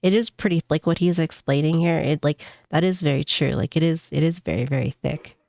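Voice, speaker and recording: A woman's voice: low voice, a little fast, creaky, a little mellow, no echo, clean studio sound. A woman streamer giving casual reaction commentary with a congested, stuffed-up voice, rambling with many fillers. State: congested from a cold.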